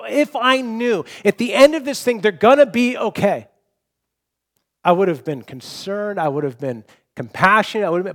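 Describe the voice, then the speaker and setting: A young adult man preaching a sermon, earnest and personal, often restarting with repeated words. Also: high-pitched. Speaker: pastor.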